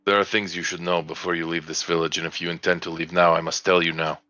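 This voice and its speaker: A man's voice: deep voice, level tone, fast, pushed and bright, no room sound, muffled recording. A man voicing a solemn old village priest.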